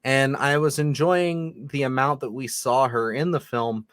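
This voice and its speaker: Podcast co-host, man, mid-pitched, blunt and sweary, rambling with fillers, dry close sound. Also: fairly even intonation, unhurried, a bit bright, clear, resonant tone, no echo. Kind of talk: casual film-review chat.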